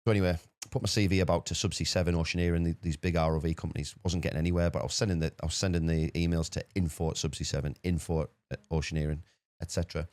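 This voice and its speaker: Guy telling a story fast, very low flat voice, dry sound. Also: dry recording. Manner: rapid, animated anecdote-telling with repeated words. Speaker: podcast guest. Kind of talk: casual storytelling.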